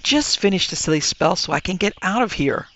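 A man voicing a brisk, tricky young woman who talks in an impatient, airy way. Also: high voice, lively intonation, fairly bright tone, highs cut off, slight background noise.

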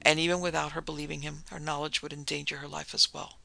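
A man narrating a thriller in a measured, dramatic reading. His voice is strongly gravelly and bright with a tense edge, pitched a little high for a man. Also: level tone, no room sound. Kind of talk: scripted narration of a thriller story.

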